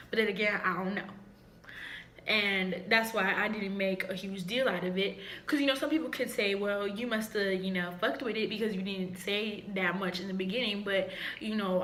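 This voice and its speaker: A woman's voice: medium pitch, pushed and bright, slight background noise. Frank young woman telling a story. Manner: candid, frank, laughs often. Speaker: vlogger. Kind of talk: casual storytime. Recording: echoey room with faint ambience.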